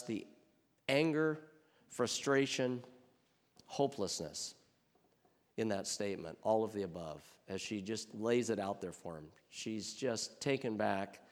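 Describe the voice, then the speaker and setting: A male pastor preaching a sermon in an earnest manner, asking rhetorical questions and moving between louder and softer passages. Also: lowish voice, big-room sound. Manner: earnest, with rhetorical questions and swings from loud to soft.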